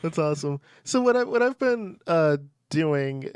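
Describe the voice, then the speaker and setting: Man, podcast co-host, smooth clear voice, slightly high pitch, animated casual chat, stumbles and restarts, dry close sound. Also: a little slow, no echo. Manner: animated, frequent restarts and repeated words.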